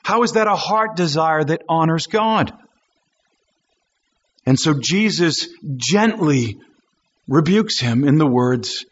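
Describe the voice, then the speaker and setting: Male preacher, high husky voice, emphatic rhetorical sermon, dull lo-fi recording. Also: expressive, unhurried, fairly bright tone. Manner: emphatic, repeated rhetorical questions.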